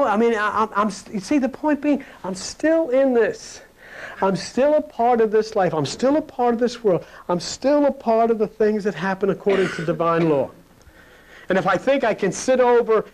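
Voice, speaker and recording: A man preaching a sermon in a folksy, plain-spoken way, swinging between loud emphatic peaks and quiet asides. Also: high voice, rough recording.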